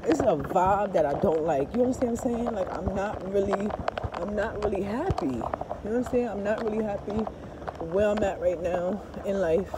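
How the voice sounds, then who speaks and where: A woman's voice: mid-range voice, normal speed. Rambling woman vlogging by a noisy street. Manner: rambling, keeps asking "you understand?", curses freely. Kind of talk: casual confessional vlog. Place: outdoors by a busy street. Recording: street noise behind the voice. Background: passing traffic and car engine noise.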